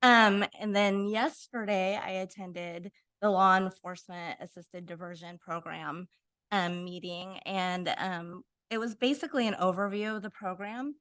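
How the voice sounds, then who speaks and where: A woman giving her council member report in a city council chamber. She talks in a loose, informal way with frequent pauses, at a middle pitch. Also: steady tone, fairly bright tone, clear, resonant tone.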